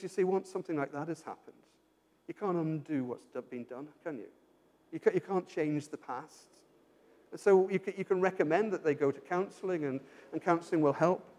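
Earnest high-voiced male preacher in a reverberant hall. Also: a little mellow. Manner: earnest, rhetorical questions, frequent repetitions. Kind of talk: sermon.

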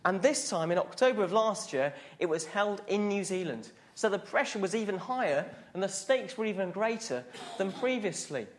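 A man's voice: high voice, expressive, normal speed, hardly any pauses. A man preaching a sermon to a congregation in a questioning, conversational way.

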